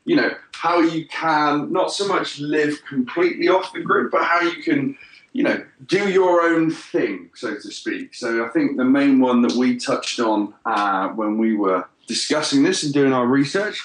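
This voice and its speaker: A man's voice: medium pitch, measured pace. A man with an English accent co-hosting a podcast, bantering in a dry, sarcastic way. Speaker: podcast co-host. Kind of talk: casual podcast chat. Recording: roomy echo.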